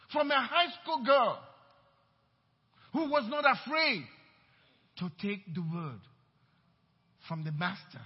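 A pastor preaches with a strikingly high, husky voice, leaning hard on his words and repeating phrases for weight. His voice is heard through a dull, muffled recording that rings with a long church-hall echo. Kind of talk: sermon.

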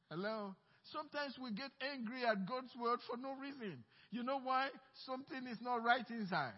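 A man's voice: extremely high pitch, normal speed, hardly any pauses, big-room sound, dull audio. A male pastor preaching a sermon, emphatic and posing questions to the congregation.

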